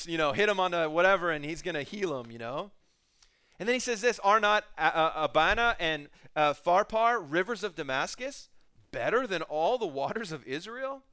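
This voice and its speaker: A man's voice: high voice, sharp tone, clean tone. A middle-aged man preaching a casual sermon, retelling the story with jokes and acted-out bits of dialogue. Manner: casual, joking storyteller who acts out scenes. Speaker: pastor.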